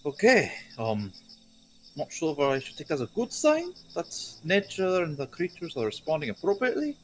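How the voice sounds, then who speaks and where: A player voicing a brash young male hunter who calls out loudly with a rough British-style twang. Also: mid-range voice, huge pitch swings, moderate pace, slight background noise, voice pushed up. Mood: uneasy.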